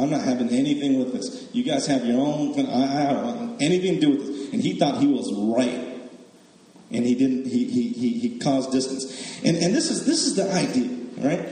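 A man's voice: on the high side, mellow. A man giving a sermon in a casual, joking way, often checking in with the listeners with "right?". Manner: conversational and joking, tags lines with "right?". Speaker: preacher. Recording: echoey hall with long reverb.

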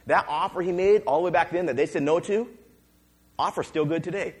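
A male pastor preaching a sermon, retelling scripture in a lively storytelling way and acting out the voices of the people he quotes. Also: a little high, fairly quick, slightly rough. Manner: fillers and restarts.

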